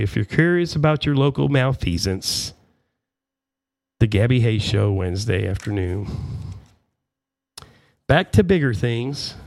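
A man with a gravelly voice holds forth in an angry, profane political rant, full of sarcastic asides. He rambles with fillers, and his pitch sits in an ordinary middle range. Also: darkish tone.

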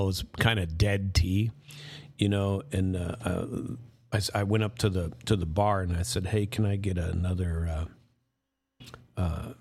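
Gravelly-voiced man rambling casually. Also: lowish voice. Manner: rambling, folksy, restarts often. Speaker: host. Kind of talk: casual monologue.

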